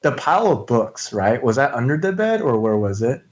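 A man's voice: medium pitch, very animated, moderate pace, rough recording. A man playing in a tabletop game, talking through his character's moves hesitantly, with many likes and restarts. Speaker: player.

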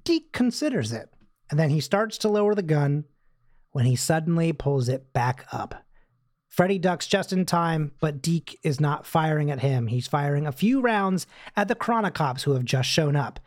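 Chatty podcast host, mid-pitched. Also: expressive, a little mellow, dry recording, clean studio sound. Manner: chatty, quick asides, frequent fillers. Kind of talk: casual chat recapping a TV episode.

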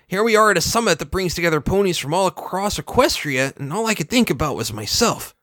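A podcast co-host voicing a young male cartoon dragon, earnest and apologetic, in a lively, swooping voice. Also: medium pitch, dry recording, clean studio sound.

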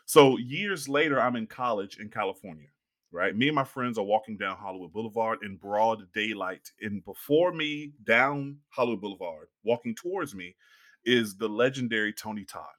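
A young man telling a long story in casual podcast chat, animated and acting out the people he quotes. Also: on the low side, normal speed.

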